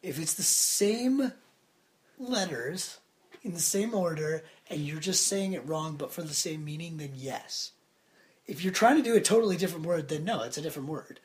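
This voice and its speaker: A man's voice: a little high, lively intonation, normal speed. A young man co-hosting a podcast in casual chat, sick, playful and laughing often. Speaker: podcast co-host.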